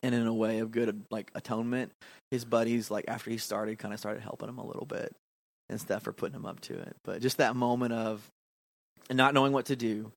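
Male podcast co-host, lively storyteller, dry close-miked sound. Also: medium pitch, fairly quick, vocal fry, no room sound. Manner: animated, acts out quotes, laughs often. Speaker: podcast co-host, youth pastor. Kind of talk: casual storytelling chat.

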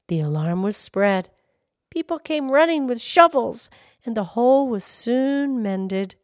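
Woman storyteller, fairly high voice, expressive read-aloud, dry close sound. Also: unhurried, no room sound. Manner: expressive, gently dramatic reading. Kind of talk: reading a children's story aloud.

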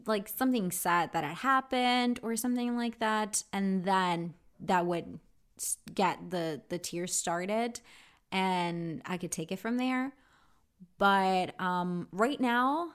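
A woman giving a casual English vocabulary lesson, chatty and candid, often pausing with "um". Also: mid-range voice. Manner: chatty, candid, with frequent ums. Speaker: English teacher.

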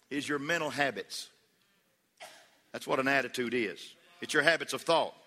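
A man's voice: fairly high pitch, bright, forceful tone. A man preaching a sermon as pastor, building to fervent peaks, calling on the congregation to answer back, and telling folksy jokes and stories. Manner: preaching with rising fervor, calls for congregation responses; folksy humor and storytelling. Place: church hall. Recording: echoey hall reverb.

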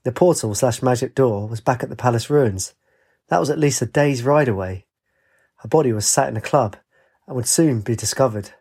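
A man reading a fantasy story aloud in a steady, descriptive storybook narration. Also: mid-range voice, moderate pace, husky.

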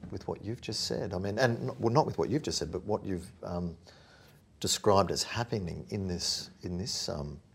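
A man's voice: deep voice, moderate pace, creaky, husky. A man in a thoughtful academic discussion, searching for his words and correcting himself as he raises questions. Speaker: podcast discussant.

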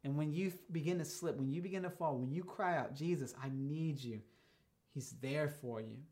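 A man's voice: a little high, darkish tone. A man preaching a sermon as a pastor, telling stories in a casual, conversational way and shifting his pace for emphasis. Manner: casual storytelling preacher, speeds up and slows down for emphasis.

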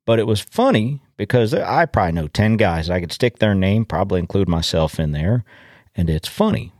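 A man's voice: on the low side, expressive, normal speed, a little mellow, dry recording, studio quality. A middle-aged man hosting a farm podcast, telling a story in a folksy, plainspoken way with frequent restarts. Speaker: podcast host. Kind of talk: casual storytelling monologue. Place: home in a rural community.

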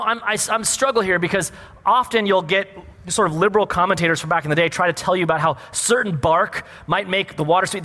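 A man preaching a sermon in a lively, conversational way, asking the congregation rhetorical questions. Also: high voice, big-room sound. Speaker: pastor.

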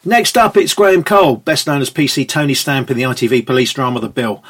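A man hosting a podcast, asking guests questions in a brisk, polite way. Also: medium pitch, fairly bright tone, breathy edge, soft background music. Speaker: podcast host. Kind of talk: interview questions and show links.

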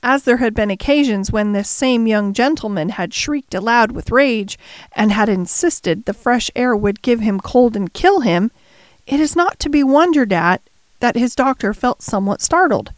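A woman narrating a classic novel chapter in a measured storytelling manner. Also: fairly high pitch, animated, no room sound. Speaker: audiobook narrator. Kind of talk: scripted narration.

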